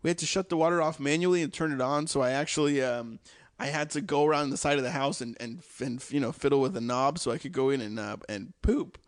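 A man's voice: medium pitch, fast. A young man co-hosting a comedy podcast, joking around in a rambling way with lots of restarts. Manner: animated, jokey, rambling with restarts. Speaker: podcast co-host. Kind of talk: comedic casual chat.

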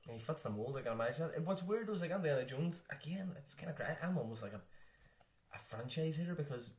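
A man co-hosting a podcast, bantering quickly about films, swearing and laughing often. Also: a little high, animated, darkish tone, slight background noise. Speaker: podcast co-host. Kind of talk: casual film chat.

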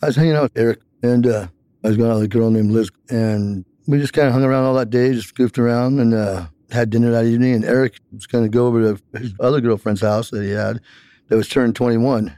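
A man's voice: medium pitch, steady tone, fast, dark tone, no echo. A man telling a long personal account in an interview, rambling with many fillers.

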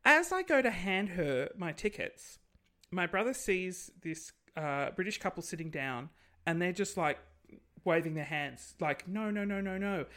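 A woman telling a story in casual podcast chat, animated, acting out the people she quotes. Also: fairly low pitch, unhurried. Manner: animated, acts out quoted voices.

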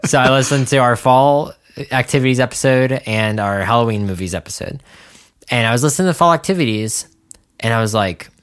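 A man's voice: medium pitch, a little fast, fairly bright tone, smooth. A man co-hosting a podcast in casual chat, rambling through his list with self-mocking jokes. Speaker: podcast co-host.

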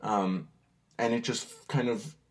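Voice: mid-range voice, steady tone, slow. A co-host in their twenties from the United States, chatting on a podcast in a rambling, hesitant way with many fillers. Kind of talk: casual chat.

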